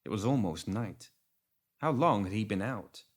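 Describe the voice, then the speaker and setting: Male audiobook narrator, lively varied pitch, expressive storytelling, scripted reading. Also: normal speed. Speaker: audiobook reader.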